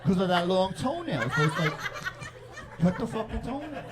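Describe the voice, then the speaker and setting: A man's voice: sits high, very animated, moderate pace, heavy background noise. A man doing a stand-up comedy set, brash and profane, working the crowd. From New York. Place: comedy club with a laughing crowd. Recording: live club recording with crowd laughter.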